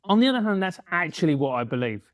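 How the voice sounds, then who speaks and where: Give me a high-pitched man hosting a podcast, reflective, stumbling a bit, dry sound. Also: very animated, quick pace, dry recording. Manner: reflective, hesitant restarts. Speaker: podcast host. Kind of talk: interview questions.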